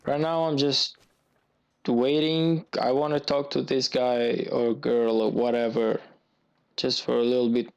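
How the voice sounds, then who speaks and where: A man's voice: mid-range voice, little pitch movement, unhurried, vocal fry, smooth, muffled recording. A man giving gameplay commentary, venting in an agitated, repetitive way as a gaming YouTuber.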